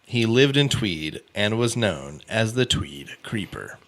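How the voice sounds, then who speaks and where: A man hosting a casual true crime podcast, reading out a case timeline with offhand asides and quick self-corrections. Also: on the low side, sing-song, a bit bright. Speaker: podcast host.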